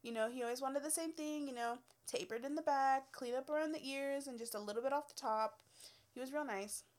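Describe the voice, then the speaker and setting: A young woman with a slightly high voice tells stories from her hairstylist days. She is blunt and exasperated, swears freely and laughs between her points. Her delivery is casual and unscripted. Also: brisk. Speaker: former hairstylist telling work stories. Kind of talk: casual storytelling rant.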